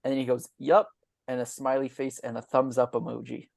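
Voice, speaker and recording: A man's voice: medium pitch, monotone, fast talker, creaky, a little mellow, no room sound, studio quality. A man chatting as a tabletop game player, rambling in a bemused way. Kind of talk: casual chat.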